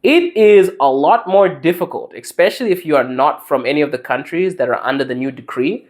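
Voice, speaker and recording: A man's voice: fairly high pitch, animated, brisk, a little mellow. A man, hosting a podcast and delivering an emphatic advice monologue. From Zimbabwe. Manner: emphatic, preachy. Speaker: podcast host.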